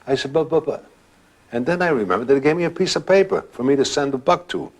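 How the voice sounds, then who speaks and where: A man's voice: mid-range voice, expressive, rapid-fire. A man telling a true ghost anecdote in a dramatic, conversational way. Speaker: guest storyteller.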